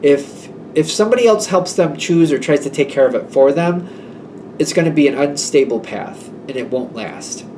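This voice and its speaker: A man's voice: fairly high pitch, lively intonation, normal speed, darkish tone, distant mic, a little hiss or hum. Chatty man giving a tarot reading. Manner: chatty, rambling, acts out quoted exchanges. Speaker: tarot reader.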